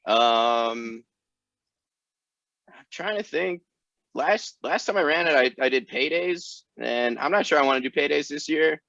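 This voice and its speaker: Gravelly, joking man on a dull line. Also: on the high side, a little slow, long pauses, dry recording. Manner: dry joking, deadpan humor. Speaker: ultrarunner guest. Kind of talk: casual joking interview.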